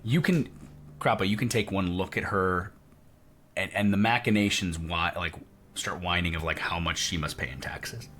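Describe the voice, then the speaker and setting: A man's voice: sits low, normal speed. A man narrating a tabletop game as game master, jumping into voices for the townsfolk. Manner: lively, shifts into character voices for townsfolk.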